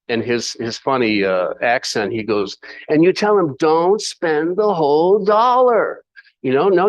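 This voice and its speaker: A man's voice: a little high, rough recording. A man preaching a sermon in a chapel, conversational and folksy, asking rhetorical questions. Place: church meeting room.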